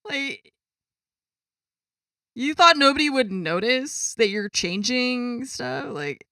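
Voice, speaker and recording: A woman's voice: fairly high pitch, sing-song, slow pace, bright, forceful tone, dry recording, clean studio sound. A woman streamer chatting casually to her viewers at her gaming desk at home, exasperated and swearing freely. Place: home gaming setup with a cat.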